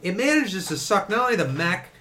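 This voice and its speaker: Excitable man saying "dude" a lot. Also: high voice, fairly quick. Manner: excitable, swearing, says "dude" often. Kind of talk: casual chat.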